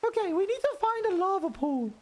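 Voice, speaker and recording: A man streaming live, chatting casually with his viewers in a put-on high head voice, rambling and laughing as he plays. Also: sing-song, a little fast, darkish tone. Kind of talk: casual live-stream chat while gaming.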